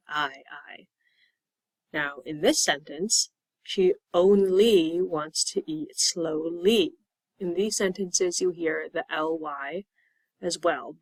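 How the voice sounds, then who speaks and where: A woman with an American accent teaching an English lesson, speaking slowly and clearly with an encouraging manner. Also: on the low side, dry recording. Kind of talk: ESL lesson.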